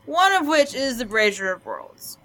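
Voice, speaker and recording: A woman playing her character in a tabletop game, gushing and animated. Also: sits high, normal speed. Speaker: player. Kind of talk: in-character tabletop role-play.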